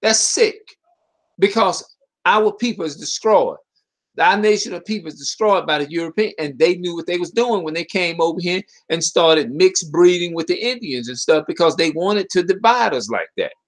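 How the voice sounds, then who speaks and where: A video commentator with a fairly high-pitched, expressive voice delivers a fervent, preachy monologue straight to his online viewers at a moderate pace. He keeps returning to the same rhetorical questions, often stumbling and restarting sentences.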